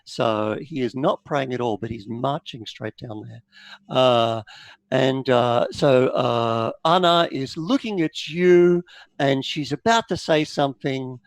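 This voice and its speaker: A man's voice: medium pitch, slow, creaky, dry recording. A man narrating as game master of a tabletop horror game, with lots of uh and like. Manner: animated storyteller, with many fillers.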